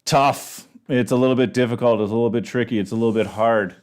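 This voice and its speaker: A man teaching an English class in a relaxed, chatty way, giving slang examples with a playful tone. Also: mid-range voice, fast, clean tone. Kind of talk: casual online English lesson.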